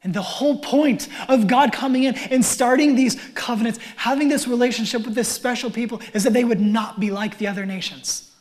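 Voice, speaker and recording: A male pastor preaching a conversational sermon with wry asides, his voice swelling loud and then dropping nearly to a whisper. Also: extremely high pitch, fairly even intonation, a little fast, hardly any pauses.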